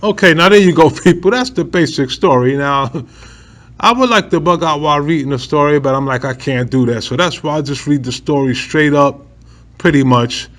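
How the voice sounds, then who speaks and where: Man, news commentary host, fairly high voice, animated, frequent laughter. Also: moderate pace. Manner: animated, laughs often, slangy asides.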